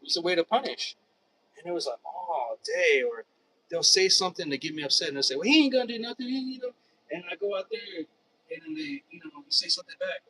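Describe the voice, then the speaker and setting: A man with a bright, fairly high voice talks in a loose, rambling monologue. He repeats words and restarts phrases a lot and keeps throwing in "dude". He sits a little away from the mic, with faint noise behind him. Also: very animated, a little fast, distant mic, rough recording.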